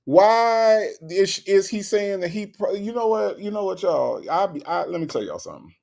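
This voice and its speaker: A man's voice: high-pitched, lively intonation, brisk, gravelly, darkish tone. A man hosting a live stream in casual, slangy commentary. He reads out chat comments and fires back rhetorical questions, often repeating himself. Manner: slangy, conversational.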